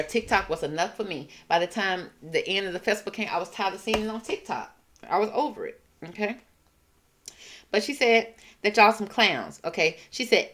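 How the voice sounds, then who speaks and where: A woman hosting a casual commentary show, reacting in a sassy, mocking way. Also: lowish voice. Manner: sassy, mocking, drawn-out emphasis. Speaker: commentary channel host.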